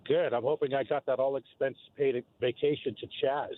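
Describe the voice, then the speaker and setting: A man's voice: medium pitch, fairly even intonation, a little fast, no echo. A man calling in to a radio show and giving short, plain answers to quiz questions. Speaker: caller. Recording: tinny phone line.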